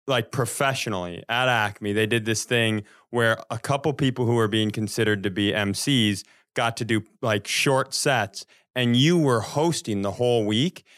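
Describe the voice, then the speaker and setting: Podcast host guy, smooth clear voice, dry close mic, quick little reactions. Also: mid-range voice, fairly bright tone, no room sound. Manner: quick reactions, laughing interjections. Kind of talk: casual podcast chat.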